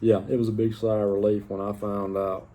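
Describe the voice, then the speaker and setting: A man's voice: lowish voice, a little fast. Folksy man telling a story. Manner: drawling, folksy, animated retelling. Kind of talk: casual storytelling to camera.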